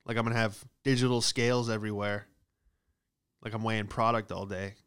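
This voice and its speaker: A man's voice: fairly low pitch, flat delivery, a little fast, a bit bright, smooth. A man doing a casual, profane comedic monologue, riffing with exaggerated bits about everyday hassles. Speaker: comedian host.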